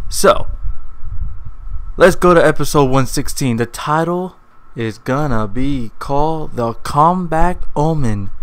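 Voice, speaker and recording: Man, vlog host, casual commentary, rambling, self-correcting, middle-pitched voice. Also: poor audio. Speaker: anime video host.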